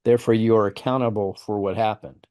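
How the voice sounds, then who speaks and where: A man's voice: lowish voice, fairly even intonation, fast, mellow. A man hosting an interview, explaining his views earnestly with examples and often repeating words. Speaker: host. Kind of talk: interview conversation.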